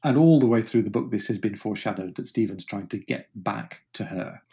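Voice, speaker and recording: A man's voice: on the low side, brisk, dark tone, slightly rough. A man co-hosting a podcast, talking through a novel in a thoughtful, casual way with frequent restarts. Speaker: podcast co-host. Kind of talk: casual book discussion.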